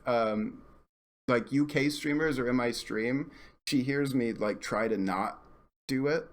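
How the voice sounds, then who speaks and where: A male podcast host in casual chat, animated and self-deprecating, who laughs often. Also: mid-range voice, takes it slowly.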